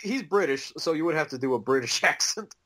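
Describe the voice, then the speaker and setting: A man's voice: a little high, animated, fairly quick, a bit bright. A man co-hosting a casual podcast, talking hesitantly with ums and restarts. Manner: hesitant, many ums and restarts, laughs easily. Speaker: podcast co-host. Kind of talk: casual chat.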